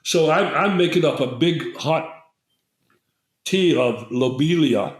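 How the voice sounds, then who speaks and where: An older man spins a rambling, digressive story, and his voice sits a touch high for a man. He drifts off on side notes and slips into the voices of the people he quotes. The sound is roomy, with a noticeable echo. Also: slow. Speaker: guest herbalist. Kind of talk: storytelling in a casual interview.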